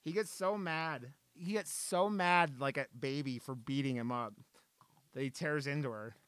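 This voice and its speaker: A man's voice: a little high, normal speed, fairly bright tone, no echo. A man live-streaming from his desk at home, chatting in a playful way and swearing casually.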